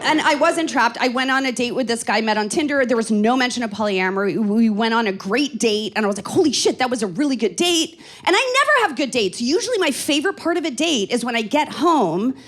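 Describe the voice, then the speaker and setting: A woman in her forties from Canada works a stand-up set into a handheld stage microphone, her voice sitting a touch high. She talks in a loose, rambling way, full of fillers and dry self-mocking asides. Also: sing-song, fast, hardly any pauses, a bit bright, a faint crowd. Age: 40s. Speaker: stand-up comedian. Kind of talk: stand-up comedy.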